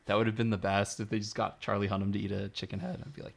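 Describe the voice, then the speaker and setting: A man's voice: on the low side, level tone, rapid-fire, vocal fry. A man co-hosting a podcast, chatting casually about movies with lots of laughter and quoted lines. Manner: enthusiastic, laughs often, acts out lines in quotes. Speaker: podcast co-host.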